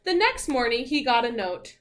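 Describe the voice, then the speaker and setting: A woman teacher reading a picture book aloud to children, gently explaining words and asking them questions. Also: on the high side, sing-song, normal speed, slight background noise.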